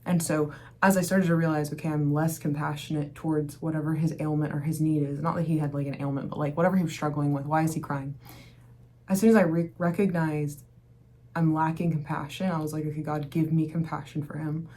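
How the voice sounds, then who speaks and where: A woman's voice: low voice, fairly even intonation, a little fast, mellow. A young woman who is a mother, speaking candidly and rambling in a casual faith-based vlog, with lots of fillers. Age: young adult. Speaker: mom vlogger.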